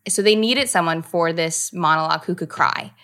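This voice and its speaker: A woman's voice: lowish voice, normal speed, bright, forceful tone. A woman in her thirties, a comedic actor, chatting animatedly as an interview guest and laughing often. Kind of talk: casual interview chat.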